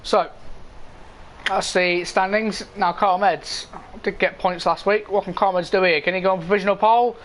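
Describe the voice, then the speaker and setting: A man's voice: sits high, steady tone, moderate pace, a bit bright, slight background noise. A man commentating live on an online racing league, casually reading standings and chatting with viewers. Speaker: esports race commentator.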